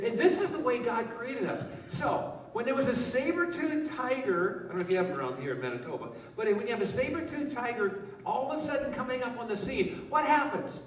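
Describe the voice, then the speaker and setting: Speaking in a high voice, a male pastor preaches a conversational sermon to a live congregation in a church hall, trading questions and jokes with them. The recording catches him from a distance in an echoey hall, with slight background noise.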